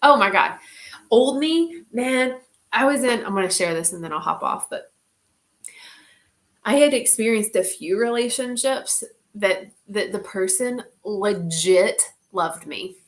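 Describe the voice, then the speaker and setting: A woman's voice: mid-range voice, lively intonation, unhurried. A woman leading an online group, talking casually, candid and heartfelt, with many "like"s and the odd swear word.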